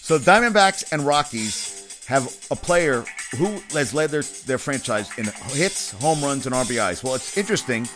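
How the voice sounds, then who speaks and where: A man hosting a casual solo sports talk show, rambling quickly from item to item with lots of fillers and swearing. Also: mid-range voice, animated, over music. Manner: rapid, rambling, profane, with many fillers.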